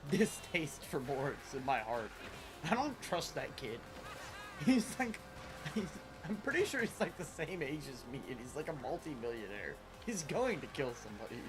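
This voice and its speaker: Brief: male streamer, slightly high voice, very lively pitch, rambling chat, game music behind. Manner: rambling, animated, laughs often. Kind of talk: casual live-stream chat with viewers.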